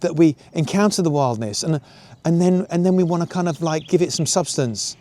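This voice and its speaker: A man's voice: a little high, fairly quick. Musing man with a raised voice. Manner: musing, animated, self-questioning with frequent fillers. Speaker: YouTuber. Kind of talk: reflective personal vlog monologue.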